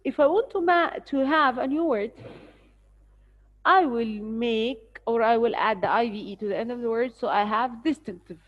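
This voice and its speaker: A woman's voice: on the high side, moderate pace. An Egyptian-accented woman teaching English vocabulary, explaining words patiently and spelling them out letter by letter. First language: Arabic. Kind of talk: recorded spelling lesson. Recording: dull lo-fi recording.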